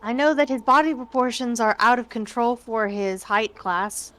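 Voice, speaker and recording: A woman's voice: on the high side, normal speed, fairly bright tone. A woman playing in a tabletop game, describing her character's moves in a dry, matter-of-fact way. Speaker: player. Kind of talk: casual chat.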